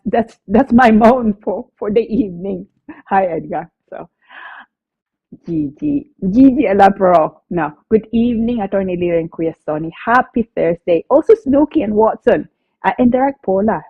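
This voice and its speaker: A woman's voice: medium pitch, slightly rough, no echo. A woman lawyer with a stuffy nose from a cold, co-hosting a live show, chatting casually, reading out viewer messages and often adding tag questions. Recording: dry, tinny phone-like line.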